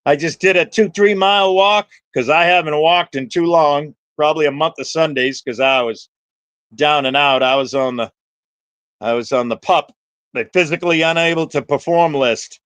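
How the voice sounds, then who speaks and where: A man's voice: on the high side, moderate pace, a bit bright, smooth, no echo. A man hosting a livestream, chatting with viewers by name in a rambling, profane, jokey way. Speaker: livestream host.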